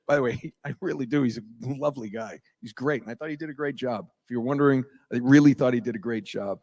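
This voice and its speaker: A middle-aged man from New England chats from a convention stage, wandering off on tangents and chuckling between stories. His voice sits at an ordinary middle pitch, and an auditorium crowd is listening. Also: wildly swooping pitch, brisk. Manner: rambling, goes off on tangents, chuckles often. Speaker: panel guest, voice actor. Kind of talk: casual stage chat with anecdotes. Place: convention auditorium before a live audience.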